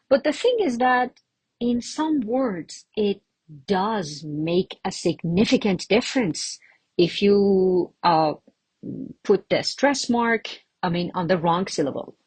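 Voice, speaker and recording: A woman teaching English word stress in a casual lesson, drawing words out slowly and laughing lightly between examples. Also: medium pitch, slightly rough, no room sound. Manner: slow, drawn-out demonstration of words, with light laughs.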